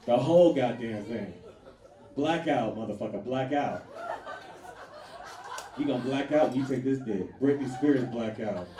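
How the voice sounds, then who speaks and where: A man performing a stand-up comedy set, loud and animated, laughing through his punchlines and jumping to sudden shrieks. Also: medium pitch. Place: comedy venue with a live audience. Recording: echoey room from far off with faint noise.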